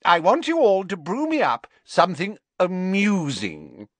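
A man's voice: high voice, huge pitch swings, unhurried, no echo, pitched above the performer's own voice, heavily acted. A man voicing a genial, airy older male teacher in a storybook reading. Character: jovial older male schoolteacher.

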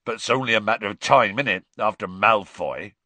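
A man voicing a huge, gruff male half-giant groundskeeper who is drunk and miserable and talks in a rough dialect. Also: lowish voice, fairly quick, bright, forceful tone, no echo. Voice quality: rough dialect, dropped words. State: drunk, slurred.

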